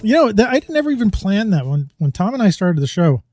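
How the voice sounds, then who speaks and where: A middle-aged man co-hosts a podcast in relaxed chat, his voice sitting a little high for a man yet soft and warm in tone. He rambles easily and laughs often, with a faint music bed under a dry, close sound. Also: fast talker, no room sound. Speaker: podcast co-host. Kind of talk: casual chat. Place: home, New York.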